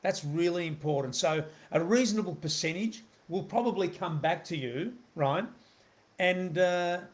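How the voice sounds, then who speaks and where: A man's voice: high voice, moderate pace. A middle-aged man coaching network marketers, talking straight to his viewers and checking in often with "right?" and "okay?". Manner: talks with many "right?" and "okay?" check-ins. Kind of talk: motivational talk to camera.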